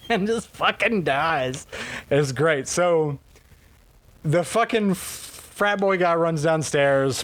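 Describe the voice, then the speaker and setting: A man co-hosting a podcast, recapping a movie in a loose, profane, animated way that is full of laughs. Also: fairly high pitch. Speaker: podcast co-host. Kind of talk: casual movie recap chat.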